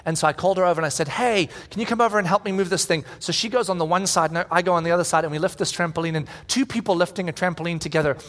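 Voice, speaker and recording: A man in his forties preaching a sermon as pastor, telling stories animatedly and shouting out the lines he quotes. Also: high voice, steady tone, rapid-fire, few pauses. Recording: long hall reverb.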